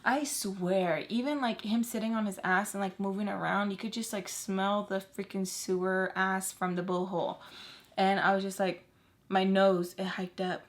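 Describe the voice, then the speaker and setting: A young woman vlogger telling a storytime in a lively, slangy way, swearing and saying "like" often. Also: medium pitch, moderate pace. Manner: animated, slangy, swears, heavy "like". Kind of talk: casual storytime.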